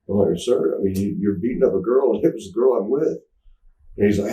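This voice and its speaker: In a roomy recording made with a distant mic, a male interview guest with a lowish, warm voice talks a little fast. He rambles through a candid story, restarting and acting out others' words, and there's a slight hiss or hum.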